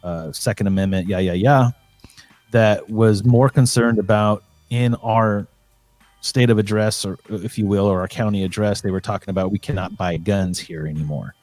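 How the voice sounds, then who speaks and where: A man's voice: fairly low pitch, steady tone, moderate pace, a little mellow, no room sound, faint music behind. A man calling in from home as a guest, talking in a rambling, earnest way with many fillers and restarts. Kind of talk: casual call-in chat.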